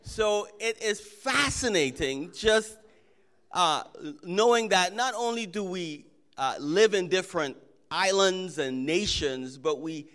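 A pastor raised in Jamaica and Trinidad, giving an earnest, conversational welcome and announcements in a church. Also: male voice, high-pitched, expressive, slow pace, a bit bright.

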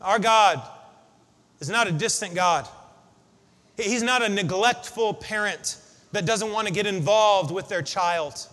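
A man preaching a sermon to his congregation, building up to shouted refrains. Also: sits high, measured pace, long pauses. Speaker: pastor. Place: church sanctuary. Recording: long hall reverb.

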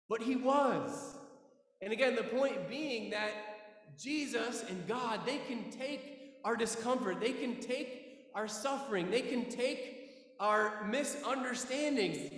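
A male pastor with a notably high, gravelly voice delivers an earnest sermon. He slows into dramatic pauses and lets key phrases sink low. The sound is distant and echoey, as if caught from far off in a large hall. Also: pushed and bright.

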